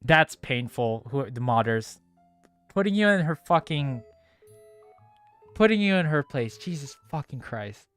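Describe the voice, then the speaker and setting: A man's voice: on the high side, very animated, a little slow, long pauses, faint music behind. Frustrated swearing gamer guy. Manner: frustrated, swearing, rambling with restarts. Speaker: let's play gamer. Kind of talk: casual gaming commentary.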